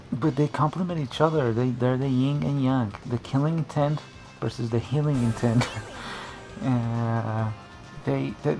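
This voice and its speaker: A man talks off the cuff in a voice of ordinary pitch with a gravelly, fry-edged texture. He rambles, restarts his sentences and wanders into asides, like a casual video commentary. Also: a little mellow. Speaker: video creator.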